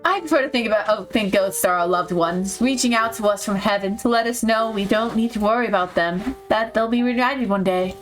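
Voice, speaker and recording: A woman voicing a nervous middle-aged male pastor in a put-on Southern accent, talking softly and earnestly. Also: medium pitch, fairly quick, few pauses, soft background music, lightly acted. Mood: soothing.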